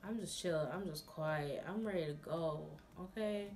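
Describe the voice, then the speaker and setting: A young woman vlogger telling a storytime tale in a sassy, animated way, talking to her viewers like friends. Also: fairly low pitch, moderate pace, a little hiss or hum. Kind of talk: storytime vlog.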